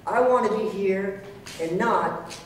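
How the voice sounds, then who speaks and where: A man's voice: high voice, slow pace, a little hiss or hum. A man giving an earnest, self-deprecating motivational speech to a club audience, acting out his own inner voice. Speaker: motivational speaker. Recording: echoey room, voice from far off.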